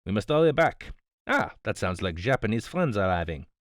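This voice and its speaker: A man's voice: lowish voice, sing-song, moderate pace, dry recording, studio quality. A man voicing a fussy, smug older detective, politely reproving, in an audiobook. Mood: smug, precise. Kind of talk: audiobook character voice.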